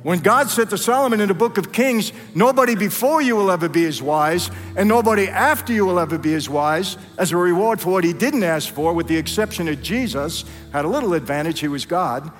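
A man giving a dramatic testimony sermon in a church, acting out dialogue and calling the crowd "people". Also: high voice. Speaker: guest speaker at a church. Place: large church hall. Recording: long hall reverb.

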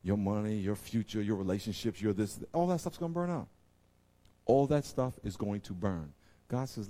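A man preaching a sermon to his congregation, with emphatic delivery that swings from loud exclamations to quiet intensity and repeatedly addresses the audience directly. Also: on the low side, moderate pace. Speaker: pastor.

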